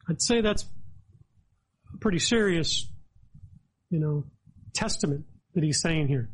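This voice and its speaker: A man's voice: a little high, expressive, unhurried, pauses often, breathy edge, poor audio. A man preaching a sermon, earnest and emphatic as he reads and explains scripture verse by verse. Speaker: pastor.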